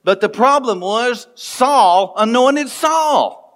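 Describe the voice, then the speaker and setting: A man preaching a sermon as pastor, animated, laughing and making quick asides to the congregation. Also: very high voice.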